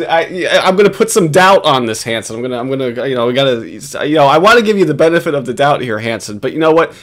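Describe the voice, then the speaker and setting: A man giving casual, profane commentary on a video, rambling and sarcastic with frequent restarts. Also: on the high side.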